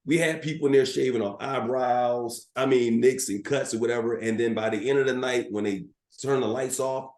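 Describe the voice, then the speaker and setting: A middle-aged man, a sports broadcaster guesting on a podcast, telling animated anecdotes with plenty of filler words. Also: mid-range voice, normal speed, hardly any pauses. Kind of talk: storytelling in a podcast interview. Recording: roomy echo.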